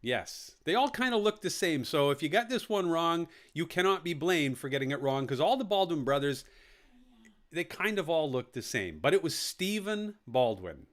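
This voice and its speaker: Lively quiz-host man, bouncy pitch. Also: moderate pace. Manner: reads answer options aloud, repeats them, adds jokey asides. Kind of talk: live online quiz hosting.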